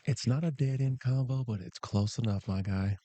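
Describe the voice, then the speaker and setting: Playful man calling pool, mellow voice. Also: mid-range voice, moderate pace, dry recording. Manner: playful, chatty, jokey asides to chat. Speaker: pool commentator. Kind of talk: live pool commentary. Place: pool hall commentary booth.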